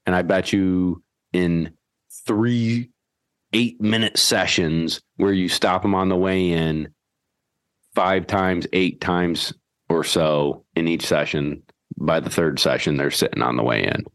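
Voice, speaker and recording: A man hosting a podcast and explaining dog training in a folksy, animated way, acting out his whistle commands. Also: deep voice, slow pace, dry recording. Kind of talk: casual instructional chat.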